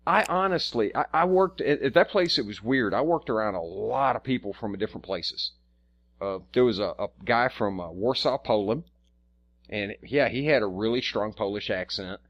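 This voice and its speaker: A man's voice: lowish voice, animated, normal speed, fairly bright tone, highs cut off. A man co-hosting a podcast in casual chat, rambling and profane, stammering and restarting often. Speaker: podcast co-host.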